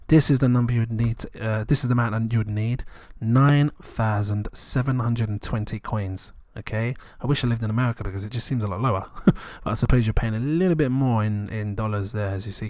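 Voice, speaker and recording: A man, rambling excitedly and chuckling often as he talks through numbers in a casual vlog. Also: medium pitch, no echo, clean studio sound. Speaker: crypto vlogger.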